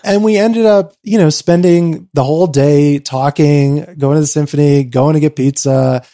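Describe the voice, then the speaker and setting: As a guest in an interview, this man recounts something from his own life, his delivery alternating between eager bursts and subdued, thoughtful stretches. "Like" crops up constantly in his speech.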